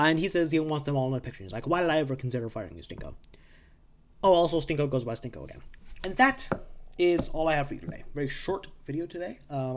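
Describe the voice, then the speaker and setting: A young man casually recapping old comic books, rambling with quick asides and restarts. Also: on the high side. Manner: rambling, self-interrupting, animated asides. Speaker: comics reviewer.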